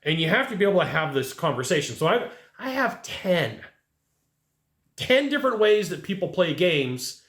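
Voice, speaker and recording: A man coaching salespeople in an animated way, acting out his customers' lines as he goes. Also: sits high, normal speed. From California. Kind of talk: energetic coaching monologue. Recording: roomy echo.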